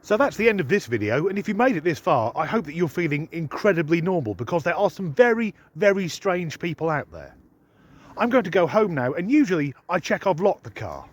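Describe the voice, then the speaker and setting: A man's voice: fairly high pitch, sing-song, a little fast. Sardonic, sweary man ranting. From United Kingdom. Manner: sardonic, sweary, mock-incredulous. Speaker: comedy vlogger. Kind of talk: comic rant to camera.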